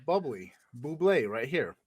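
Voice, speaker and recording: A man's voice: medium pitch, big pitch swings, unhurried, crowd noise. Chuckling man spinning a goofy story. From Florida. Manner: laughs often, makes up stories and tries silly voices. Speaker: podcast co-host. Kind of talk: casual comedic storytelling.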